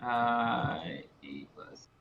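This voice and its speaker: A man playing in a tabletop game, relaxed and jokey, laughing easily. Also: medium pitch, extremely slow, lo-fi sound, heavy background noise. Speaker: player. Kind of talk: casual game talk.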